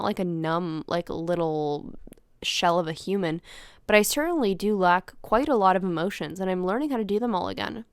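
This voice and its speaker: A young woman hosting a podcast, telling a personal story in a casual, animated way, swearing freely and acting out what people said. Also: medium pitch, clean tone, dry recording, clean studio sound. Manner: animated, swears freely, acts out voices in quotes. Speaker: podcast host.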